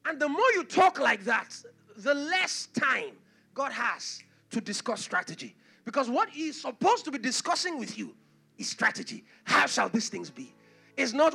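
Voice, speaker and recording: Male pastor, high lively voice, bright, passionate sermon delivery, soft music underneath. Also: normal speed, gravelly, husky. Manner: impassioned preaching, rising to shouts, with acted asides.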